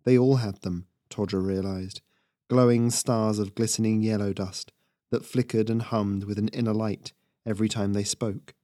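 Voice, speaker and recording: A man narrates a fantasy story in a measured, steady delivery. His voice is fairly low and the recording is dry and close with no room sound. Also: no room sound. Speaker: fiction narrator.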